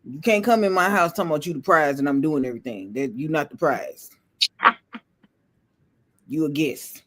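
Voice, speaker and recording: A man with a noticeably high voice and co-hosts a casual podcast. He is animated and jokey, laughing easily between points. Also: moderate pace. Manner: animated, joking, laughs often. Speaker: podcast co-host. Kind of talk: casual chat.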